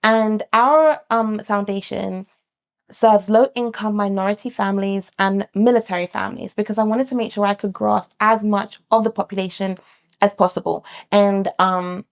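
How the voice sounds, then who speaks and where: A British midwife speaks in a relaxed interview, her mid-range voice carrying a gravelly edge. She tells her story with animation, slipping into other people's voices when she quotes them. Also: mid-range voice. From England. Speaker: midwife and founder of a sonogram service. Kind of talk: conversational interview.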